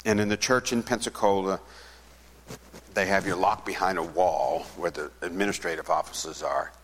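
A pastor tells a story from the pulpit, his low voice carrying through a reverberant church. He voices both sides of the conversation and sinks to a hush when the story turns grave. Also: steady tone, normal speed, breathy edge. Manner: retells a conversation, acting out both sides, softening to a hush at sad moments. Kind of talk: sermon storytelling.

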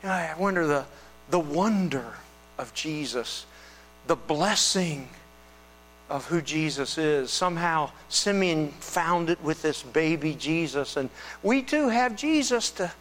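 A man's voice: fairly high pitch, slow. Man preaching in a reverberant hall. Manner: conversational, animated storytelling with restarts. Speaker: pastor. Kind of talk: sermon. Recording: reverberant hall with mains hum.

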